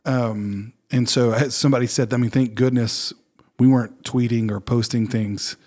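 A man's voice: mid-range voice, steady tone, moderate pace, darkish tone. A man in casual conversation on a faith podcast, thinking aloud in an earnest, reflective way. He often circles back with fillers and restarts.

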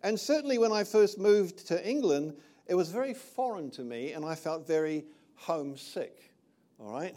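High-voiced older man preaching from New Zealand. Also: lively intonation, normal speed, mellow. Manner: conversational, checks in with "all right?". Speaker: pastor. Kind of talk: sermon.

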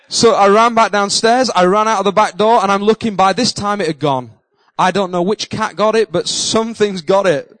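Middle-aged male preacher, high voice, animated storyteller who mocks himself. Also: moderate pace, dry recording, low-quality recording. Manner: animated, self-mocking storyteller who acts out his own panic. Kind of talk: sermon storytelling.

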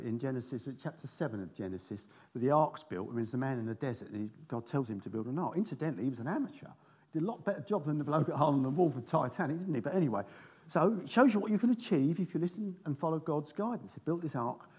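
Husky-voiced male preacher, lively and wry, reads scripture with playful asides. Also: a little high. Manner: animated, jokey asides while reading scripture. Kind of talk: sermon with Bible reading.

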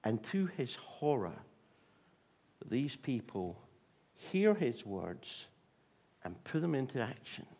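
A man preaching a sermon, telling a Bible story in a lively way with restarts and fillers. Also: mid-range voice, slow, long pauses.

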